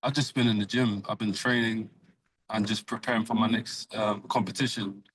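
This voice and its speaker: A man being interviewed remotely on a sports radio show, relaxed with brief answers and a British accent. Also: lowish voice, moderate pace. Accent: British English. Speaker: guest boxer.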